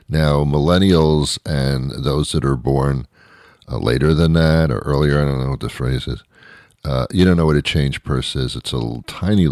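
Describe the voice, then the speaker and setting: A middle-aged man delivering a rambling comic monologue, full of restarts and deadpan asides. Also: very deep voice, no room sound, clean studio sound. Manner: meandering, self-interrupting, deadpan asides. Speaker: comedian host.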